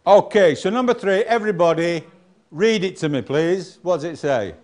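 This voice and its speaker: A man's voice: high voice, animated, moderate pace, darkish tone. A man teaching a phonics lesson, sounding out nonsense syllables one by one and calling on the class to answer. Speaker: reading teacher.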